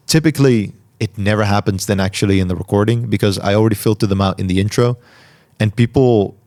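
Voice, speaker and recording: A man hosting a podcast, answering listener questions in a calm, reflective way and articulating each word carefully. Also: fairly low pitch. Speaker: podcast host. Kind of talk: solo Q&A talk.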